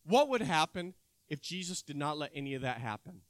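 A man preaching a sermon, retelling a scripture story with animated storytelling and emphatic bursts. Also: fairly high pitch, a little fast, dry recording.

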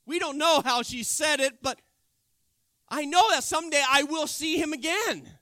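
High-voiced man preaching animatedly. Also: normal speed, no room sound, studio quality. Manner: animated storytelling, emphatic bursts. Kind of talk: sermon.

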